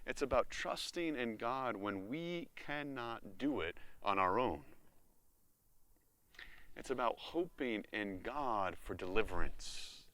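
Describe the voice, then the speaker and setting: Slow, lively American male preacher. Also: fairly low pitch. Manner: expressive preaching with acted-out inner voices. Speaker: pastor. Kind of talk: sermon.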